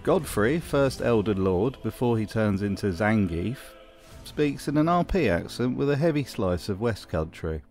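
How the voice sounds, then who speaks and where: A man's voice: lowish voice, expressive, moderate pace, over music. A man narrating a scripted video essay with wry, jokey commentary.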